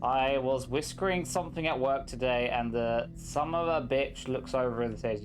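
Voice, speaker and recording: A man's voice: medium pitch, normal speed, hardly any pauses, a little hiss or hum. Joking man streaming a game. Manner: joking, teasing banter, reads chat aloud. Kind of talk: casual live-stream chat while gaming.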